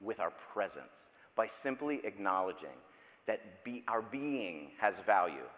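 Casual preacher in a big reverberant hall. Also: male voice, fairly low pitch, very animated, unhurried, a bit bright. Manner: conversational, self-interrupting, playful asides. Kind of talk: sermon. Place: church sanctuary. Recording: long reverb of a large hall.

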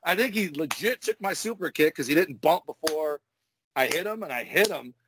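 A man, a former wrestler, telling profane, animated stories in casual podcast chat. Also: on the high side, moderate pace, background noise. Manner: profane, animated storyteller acting out moves. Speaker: retired pro wrestler, podcast host.

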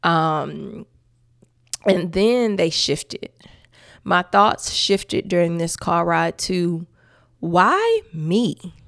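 A woman's voice: lowish voice, extremely slow, creaky, no echo, studio quality. A woman hosting a podcast, sharing her faith testimony in a conversational, emphatic way with asides to her listeners and frequent laughter. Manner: expressive and emphatic, with church-style asides to listeners; laughs often while telling her story.

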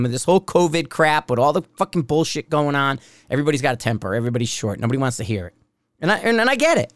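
A man's voice: fairly high pitch, clear, resonant tone, no echo, studio quality. A man hosting a podcast as a shooting instructor, talking in a blunt, rambling, profane way. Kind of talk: casual rambling podcast monologue.

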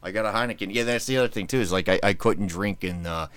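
Talking fast in a fairly low, smooth voice with a fairly bright tone, this podcast host chats casually on his own show. His rambling, joking talk keeps breaking off into restarted sentences, and there's no echo.

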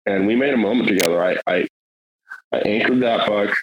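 A man's voice: lowish voice, brisk, highs cut off, slight background noise. A middle-aged man telling a hunting story in casual, rambling, earnest talk, with many fillers and restarts.

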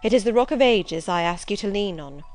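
A woman's voice: medium pitch, animated, brisk, darkish tone, faint music behind, close to an everyday voice. Woman voicing a stern zealous missionary man. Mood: commanding, insistent. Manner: solemn, insistent, preaching. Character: stern, zealous male missionary, relentless and austere. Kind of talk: audiobook character reading.

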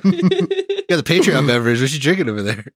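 A man's voice: on the high side, wildly swooping pitch, a little fast, dry recording, clean studio sound. Joking man hosting a game. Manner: crude, joking, teasing. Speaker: game master and host. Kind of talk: casual banter at the table.

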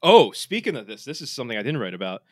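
A man's voice: mid-range voice, very animated, fast talker. A man co-hosting a podcast in casual sports chat, rambling with lots of fillers and restarts. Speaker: podcast co-host.

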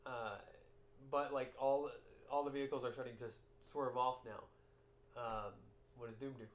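A man's voice: mid-range voice, fairly even intonation, normal speed. A young adult man narrating a tabletop game as game master, hesitant and full of fillers while he improvises. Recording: echoey room with faint hiss.

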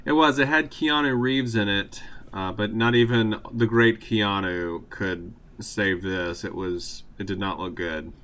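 A man's voice: on the low side, unhurried, hardly any pauses, fairly bright tone. A man, co-hosting a podcast in a laid-back, casual way. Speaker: podcast co-host. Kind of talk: casual chat.

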